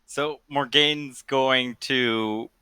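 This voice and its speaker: A man playing a tabletop game, describing his character's moves in a deliberate way. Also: mid-range voice, steady tone, sharp tone, slight background noise. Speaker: player. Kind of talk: casual tabletop role-play.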